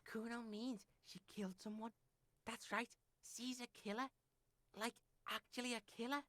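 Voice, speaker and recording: A woman's voice: a little high, fairly even intonation, normal speed, a bit bright, no room sound, natural voice. A woman voicing a cocky, foul-mouthed street boy in a video game who talks about himself in the third person. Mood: boastful.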